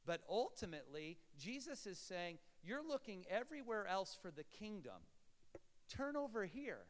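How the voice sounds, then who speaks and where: A male pastor preaching a sermon, swinging between shouts and low murmurs, with playful asides to the congregation. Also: very animated, moderate pace, big-room sound.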